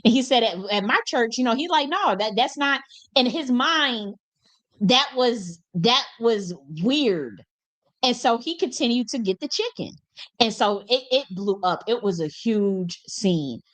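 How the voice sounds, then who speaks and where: A young woman hosting a casual storytelling monologue, animated and colloquial, laughing often and swearing freely. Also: a little high, a little slow. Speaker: host.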